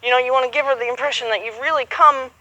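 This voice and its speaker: A woman's voice: high voice, steady tone, rapid-fire, pushed and bright, no room sound, rough recording. A woman coaching a horsemanship student outdoors, patient and encouraging, acting out both horse and rider as she explains. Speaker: horsemanship instructor. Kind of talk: hands-on coaching.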